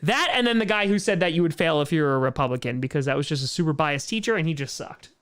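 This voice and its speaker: A man's voice: a little high, expressive, quick pace, fairly bright tone, clean tone. Rambling male livestream host. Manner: rambling, lots of "like" and "um" fillers, candid opinions. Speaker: streamer host answering chat. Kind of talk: casual livestream Q&A.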